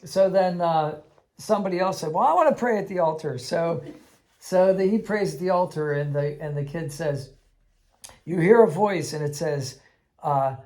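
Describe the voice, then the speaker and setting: Man telling a lively game anecdote. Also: on the high side, measured pace. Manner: animated, laughing, acts out the voices he quotes. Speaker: game master teaching kids. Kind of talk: casual anecdote storytelling.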